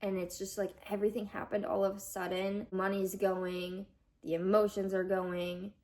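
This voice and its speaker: A woman's voice: medium pitch, level tone, normal speed, darkish tone. A young woman vlogger recounting a hard personal story, chatty with lots of fillers, her voice rising as she nears tears.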